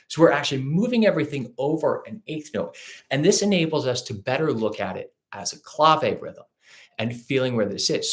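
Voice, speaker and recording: A man teaching a live ukulele strumming lesson, explaining patiently and counting and chanting rhythms aloud as he claps. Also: medium pitch. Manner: patient, explanatory, asks rhetorical questions. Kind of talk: live-streamed music lesson.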